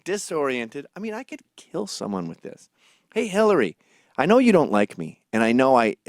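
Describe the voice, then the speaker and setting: A man's voice: fairly low pitch, no echo, studio quality. A man hosting a comedy podcast, telling crude stories animatedly and acting out other people's voices. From Scotland. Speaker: podcast host. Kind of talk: comedic storytelling.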